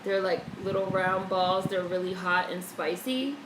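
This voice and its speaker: A woman's voice: fairly low pitch, a little slow. Woman, casual live stream chat, chatty, swears a lot, roomy echo, faint noise behind. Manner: chatty, swears freely, reads chat aloud. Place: home room, indoors. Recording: echoey room with faint background noise.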